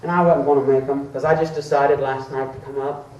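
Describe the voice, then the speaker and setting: A man's voice: mid-range voice, level tone, a little fast, a little mellow, lo-fi sound. A man preaching a fervent sermon, calling on listeners by name and rising into a chanted, sing-song delivery. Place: church sanctuary. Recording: echoey church room.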